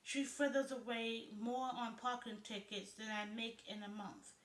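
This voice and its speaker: A woman's voice: a little high, steady tone, unhurried, a bit bright. A woman reading the lines of a gossipy, talkative man with a southern drawl, in a roomy-sounding recording. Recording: roomy echo.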